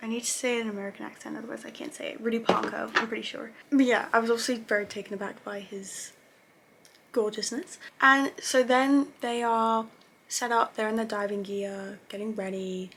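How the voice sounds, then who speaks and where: A woman's voice: a little high, steady tone, a little fast, a bit bright, a little hiss or hum. A young woman casually recapping TV episodes, chatty and gushing, with lots of fillers and self-corrections. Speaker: TV review vlogger.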